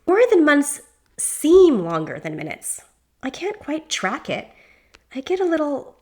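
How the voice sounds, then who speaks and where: A woman's voice: sits high, big pitch swings, measured pace, darkish tone, voice pushed up. A woman reading a book aloud and voicing a jovial, whimsical female boar with a quizzical manner and bursts of laughter. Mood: wondering.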